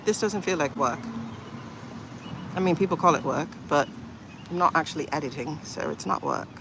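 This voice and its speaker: A woman's voice: sits low, moderate pace, background noise. A woman hosting a casual livestream, chatting in a rambling, playful way with lots of asides. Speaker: livestream host.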